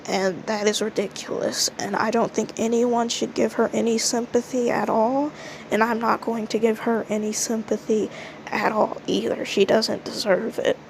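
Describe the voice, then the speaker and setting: A woman's voice: a little high, little pitch movement, moderate pace, gravelly, a little hiss or hum, low-quality recording. A woman giving an indignant, ranting commentary monologue, peppered with "like". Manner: indignant, heavy use of "like" fillers. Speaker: commentary vlogger.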